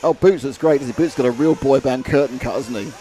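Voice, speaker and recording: A man on live race commentary, chatty and quick to joke. He reads viewer comments aloud between the action. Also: medium pitch, warm tone, a little hiss or hum.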